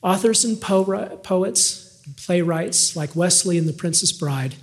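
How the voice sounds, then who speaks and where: An older man giving a scripted devotional talk, measured and gently humorous, ending with a religious close. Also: high voice. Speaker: devotional speaker.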